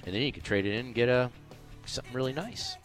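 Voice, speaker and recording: A man's voice: mid-range voice, sing-song, quick pace, a bit bright, soft background music. A man hosting a golf show on sports radio, talking casually and emphatically, rambling with fillers through ads and chat. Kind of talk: casual sports radio talk with live reads. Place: radio studio.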